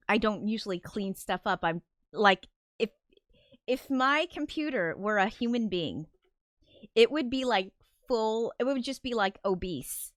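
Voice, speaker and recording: A woman in a casual livestream chat, rambling and self-deprecating, with frequent swearing and nervous laughter. She sounds flustered and anxious as she talks. Her voice is smooth and clear, recorded close and dry with no room sound. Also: medium pitch, bright, forceful tone, dry recording. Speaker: streamer and composer.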